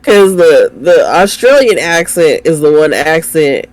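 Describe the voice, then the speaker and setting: A male co-host with a notably high voice, trading quick agreeing replies in a casual show review. He is playful and jokey, keeping his answers short. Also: sing-song. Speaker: podcast co-host.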